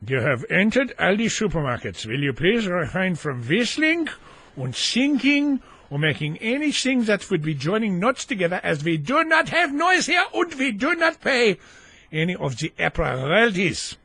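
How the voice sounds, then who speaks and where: A man's voice: high voice, very animated, normal speed, pushed and bright, no echo, voice pushed up, full character voice. An Australian host voicing a stiff, pompous male supermarket announcer with a prim, formal delivery.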